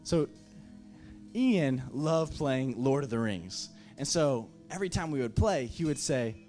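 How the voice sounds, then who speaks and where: A man's voice: medium pitch, expressive, measured pace, a little mellow, soft background music. A man preaching a sermon as pastor, impassioned, with emphatic repeated phrases.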